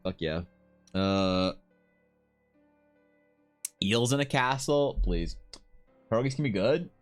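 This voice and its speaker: A man's voice: fairly low pitch, slow pace, clear, resonant tone, faint music behind. A man from Ukraine chatting casually on a livestream, riffing with mock outrage and plenty of swearing as he reads. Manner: animated, profane, mock-outraged riffing while reading. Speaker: streamer.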